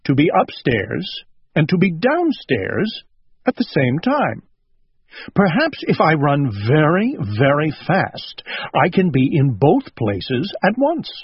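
A gentle, simple-minded little owl, as a man puts him on, talking in a raised voice that leaps up and down as he speaks. His lines come slowly from a dull, lo-fi storybook recording. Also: fairly high pitch, wildly swooping pitch, husky, no echo, exaggerated voice. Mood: wondering. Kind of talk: storybook read-aloud.

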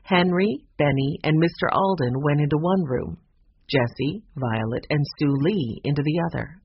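A narrator reading a children's chapter book aloud in an expressive storybook style. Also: mid-range voice, moderate pace, husky, no room sound. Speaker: audiobook narrator. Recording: dull lo-fi recording with faint noise.

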